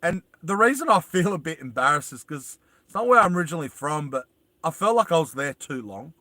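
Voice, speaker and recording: Man, Australian accent, bright tense voice, fairly high, rambling livestream chat, greets viewers, dry close sound. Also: very animated, brisk, no room sound. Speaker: live streamer. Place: inside a small van.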